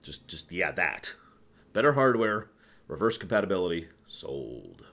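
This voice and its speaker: A man's voice: deep voice, very animated, measured pace, vocal fry, fairly bright tone. A man answering viewer questions on a casual live stream, rambling, correcting himself and chuckling as he goes.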